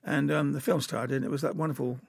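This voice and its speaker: Older English man, gravelly chuckling storyteller. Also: mid-range voice, steady tone, fast talker, dry recording, clean studio sound. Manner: chuckling, rambling anecdotes with many fillers. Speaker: animator. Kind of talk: anecdotal interview storytelling.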